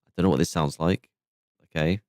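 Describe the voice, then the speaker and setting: Low-voiced man testing his mic. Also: fairly even intonation, brisk, a little mellow, no room sound, studio quality. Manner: thinking aloud, explaining settings step by step. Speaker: streamer. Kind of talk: casual mic test chat. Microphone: new microphone, close up.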